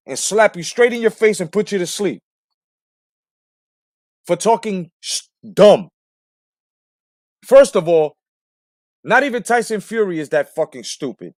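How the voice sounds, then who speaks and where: A man hosting a late-night boxing talk show, talking in a fairly high voice. He rants profanely and hammers home rhetorical questions. The sound is dry and close. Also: expressive, unhurried, pauses often, no echo. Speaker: host.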